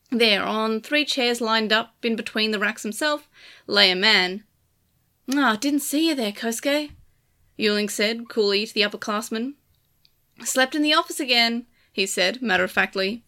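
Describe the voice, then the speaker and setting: A woman narrating a game's story chapter aloud in a steady, measured reading. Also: fairly high pitch.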